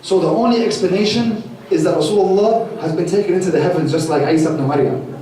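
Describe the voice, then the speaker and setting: A man's voice: high voice, fast talker, dark tone, slight background noise, lightly acted. A man voicing a stern male leader who speaks with firm conviction, in an echoey hall from a distance. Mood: resolute.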